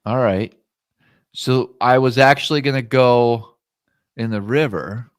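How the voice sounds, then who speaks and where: A man's voice: mid-range voice, takes it slowly, clean tone, dry recording. A man who works as a fishing guide, chatting and joking on a live show and asking viewers for ideas. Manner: laid-back, joking, asks the audience. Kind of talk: casual live show chat.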